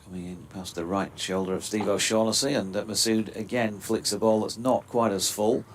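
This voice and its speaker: Bloke doing laid-back cricket commentary, dry little jokes, faint hiss. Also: male voice, fairly low pitch, normal speed. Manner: relaxed, chatty, dry quips.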